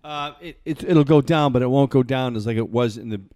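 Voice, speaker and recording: A man's voice: medium pitch, brisk, darkish tone, no room sound. A man in casual conversation, joking about himself and slipping into impressions of other people. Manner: jokey, self-deprecating, does voices and impressions. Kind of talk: casual chat.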